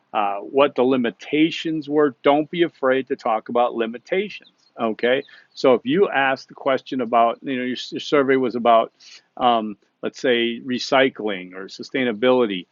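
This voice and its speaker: A man's voice: medium pitch, dry recording, highs cut off. A man giving recorded class instructions in a conversational way, often checking in with "okay?" and restarting sentences. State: hiccups.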